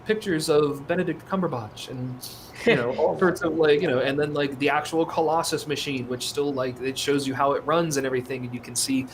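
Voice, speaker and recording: A man's voice: fairly high pitch, fairly even intonation, brisk. A man co-hosting a casual livestream chat, rambling through a story and swearing freely. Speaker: co-host. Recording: noisy background.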